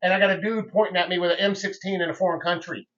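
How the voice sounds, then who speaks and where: Animated man telling a story off-mic. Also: high voice, very fast, recorded from a distance. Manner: animated storyteller, swears freely. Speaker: podcast guest. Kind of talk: casual storytelling. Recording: dull lo-fi audio, set back from the mic.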